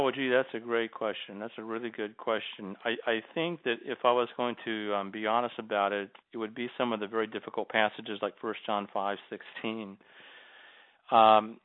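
A man's voice: fairly low pitch, no echo. Thoughtful man on a tinny phone line. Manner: measured, thoughtful, with many ums. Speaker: guest author on radio. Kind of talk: radio interview over the phone.

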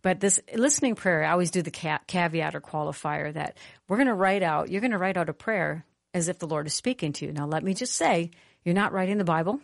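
Woman sermon speaker, lowish register, lively storytelling, dry sound. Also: brisk, creaky, dry recording. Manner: animated, conversational, calls for amens. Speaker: conference speaker.

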